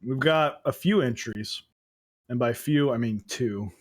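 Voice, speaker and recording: A man's voice: medium pitch, a little slow, no room sound. A man co-hosting a livestream show, ranting in goofy mock anger and swearing a lot. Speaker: co-host of a keyboard livestream show. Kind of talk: casual chat.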